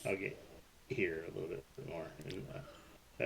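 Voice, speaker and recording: A man's voice: low-pitched, steady tone, unhurried, gravelly, fairly bright tone. A man playing in a live tabletop game, chatting casually out of character. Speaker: player.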